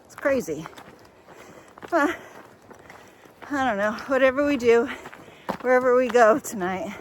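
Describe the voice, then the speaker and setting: Slow-talking woman chatting on a hike. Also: on the high side, expressive, a little hiss or hum, rough recording. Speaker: thru-hiker, vlogger's wife. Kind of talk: casual chat while walking. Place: outdoors on a trail road walk.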